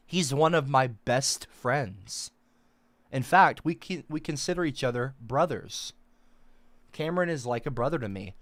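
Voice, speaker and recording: A man chatting casually as a streamer reading out his chat, lively and rambling, quick to get defensive. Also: mid-range voice, no room sound.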